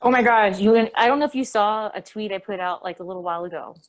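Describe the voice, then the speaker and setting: Woman co-host, casual rambling chat, mid-pitched, laughs easily. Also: fast talker. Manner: chatty, rambling, laughs often.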